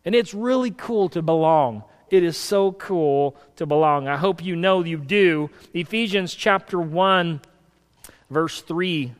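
A man preaching a sermon, moving between a loud reading of scripture and soft, hushed asides, and telling folksy stories in a conversational way. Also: on the high side, a little slow, in a large hall. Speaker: pastor. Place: church hall.

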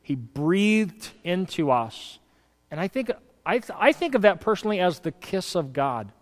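A man preaching a sermon, moving between a loud reading of scripture and soft, hushed asides, and telling folksy stories in a conversational way. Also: high voice, big pitch swings, measured pace, long reverb tail. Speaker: pastor. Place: church hall.

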